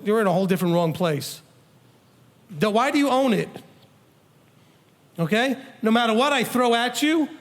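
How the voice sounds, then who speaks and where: A man teaching a congregation as its rabbi, talking in a conversational, animated way, acting out quoted people and putting questions to the audience. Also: high voice.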